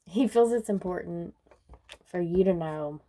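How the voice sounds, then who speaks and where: A woman giving a casual spoken tarot reading, unhurried and musing, often breaking into soft laughter. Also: fairly low pitch. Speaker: tarot card reader.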